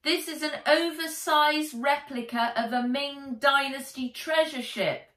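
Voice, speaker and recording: A woman voicing a brave, practical young girl who exclaims in a high voice. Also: a little slow, a bit bright, echoey room. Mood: shouting.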